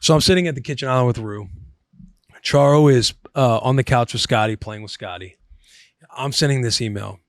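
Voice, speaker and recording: Animated man telling a story, dry sound. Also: mid-range voice, brisk, dry recording. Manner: animated, swears, calls listener bro and buddy. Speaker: podcast host. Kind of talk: casual storytelling.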